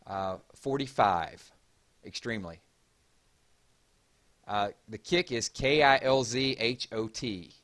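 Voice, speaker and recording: A man's voice: mid-range voice, takes it slowly, long pauses. A man with a Southern US accent from Georgia, hosting a casual livestream and chatting as he reads out viewer comments. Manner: chatty, reads chat aloud and gives shout-outs. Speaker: livestream host.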